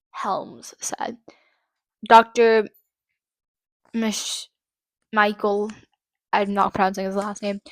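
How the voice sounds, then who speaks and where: A woman hosting her own channel, reading out trial quotes haltingly and breaking into angry, swearing commentary. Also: medium pitch, no echo. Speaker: channel host. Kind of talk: true-crime commentary.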